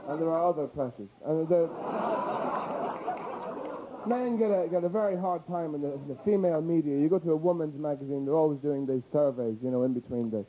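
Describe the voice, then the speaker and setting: A man's voice: on the high side, brisk, crowd noise. A man doing stand-up, hesitant and self-deprecating, with many ums. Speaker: stand-up comedian. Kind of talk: stand-up routine. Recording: noisy VHS tape with audience noise.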